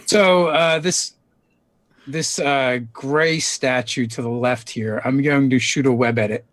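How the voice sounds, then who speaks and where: A man playing a tabletop game, calmly stating his attacks and reading out rules. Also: medium pitch, slow, no echo. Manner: matter-of-fact, reading out rules. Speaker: player.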